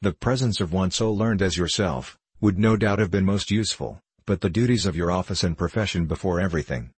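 A crafty old professor, read by a man, barely hiding his glee beneath courteous talk. The voice sits low and a little husky, recorded close and dry. It is a storybook reading with restrained, polite phrasing. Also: brisk, no echo. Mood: feigned calm. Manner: excited, hiding his delight. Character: eager scheming elderly male professor.

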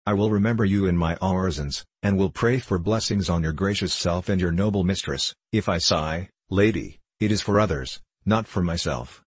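A man reading the part of a poor, humble young man in a gentle, melancholy tone, with a husky voice. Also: low voice, normal speed, few pauses, no echo.

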